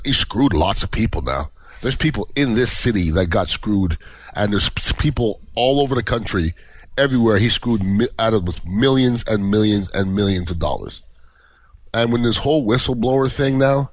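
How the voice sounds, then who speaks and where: A man's voice: on the low side, lively intonation, moderate pace, slightly rough, no room sound, rough recording. A male podcast host delivering a blunt, opinionated monologue full of rhetorical questions.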